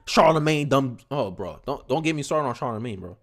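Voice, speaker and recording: On his own livestream, a young man riffs on politics in a casual, animated way at medium pitch, tossing off quick asides and doubling up words when he's on a roll.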